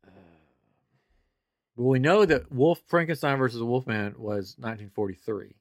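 A man's voice: mid-range voice, lively intonation, normal speed, dry recording, clean studio sound. Chatty man on a trivia panel. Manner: chatty, laughs easily. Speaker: quiz contestant. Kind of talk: casual chat.

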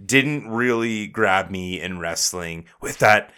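A man's voice: lowish voice, takes it slowly, pushed and bright, clear, resonant tone. A young man co-hosting a wrestling podcast, chatting casually, joking and swearing freely. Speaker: podcast co-host.

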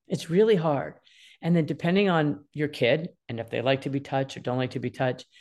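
A woman in her sixties talking casually as a guest, giving parenting advice and acting out what children feel. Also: low voice. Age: 60s. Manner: expressive, acts out children's voices in quotes.

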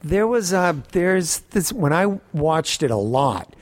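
Animated swearing man telling stories. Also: on the high side, slow, dry recording. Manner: animated storyteller, swearing, laughing often. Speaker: podcast co-host. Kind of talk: casual chat.

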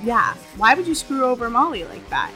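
A woman co-hosting a casual film podcast, quick with banter and laughter. Her voice is bright and her pitch moves a lot, with faint music in the background. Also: huge pitch swings. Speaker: podcast co-host. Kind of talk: casual chat.

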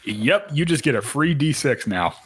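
A man's voice: mid-range voice, animated, normal speed, breathy edge, no room sound. A man on a casual podcast, his voice rising and falling animatedly as he chats, laughs and swears. The sound is dry and close, with no room around it. He often breaks off mid-sentence to read rules aloud. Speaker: podcast co-host. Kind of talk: casual chat.

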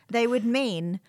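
A woman's voice: fairly high pitch, darkish tone, no room sound, studio quality. A woman with a London accent co-hosting a podcast, chatting casually and responding supportively with laughs. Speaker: podcast co-host. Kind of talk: casual chat.

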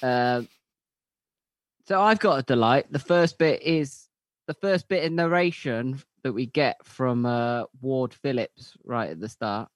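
A man's voice: mid-range voice, unhurried, no echo. Man chatting with fillers. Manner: rambling, hesitant with fillers. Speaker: podcast co-host. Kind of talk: casual chat.

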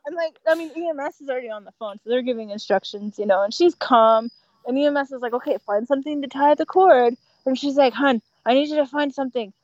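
A woman who works as an emergency dispatcher, chatting casually and telling animated stories, often laughing and acting out what callers said. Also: high voice, quick pace, dry recording, highs cut off. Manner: animated storyteller, laughs often, acts out quotes. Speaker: 911 dispatcher. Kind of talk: casual podcast chat.

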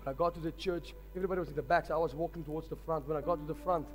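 A man preaching in a high voice, telling stories with emphatic, urgent delivery. His voice rings with a long reverb through a large church hall, with faint music underneath. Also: steady tone, racing. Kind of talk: sermon.

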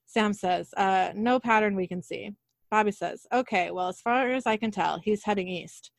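A woman co-hosting a podcast, casually retelling an episode scene by scene and reading the dialogue aloud in a plain, even way. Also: mid-range voice, normal speed, creaky, no room sound, studio quality. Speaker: podcast co-host recapping an episode.

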